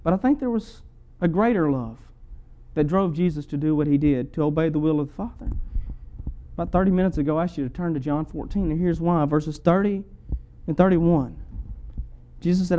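Male preacher, sermon delivery, high-pitched and mellow, pressing rhetorical questions. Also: brisk. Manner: rhetorical, repeated questions with rising and falling intensity.

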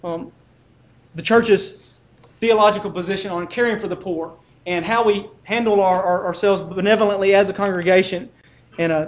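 A man with a fairly high voice preaches a sermon, earnest and measured, often restarting his words and putting questions to the listeners. The recording sounds dull and lo-fi.

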